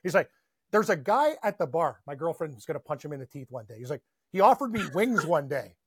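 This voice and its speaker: A man co-hosting a casual sports betting podcast, telling rambling, animated stories. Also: fairly high pitch, fairly quick, slight background noise. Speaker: podcast co-host.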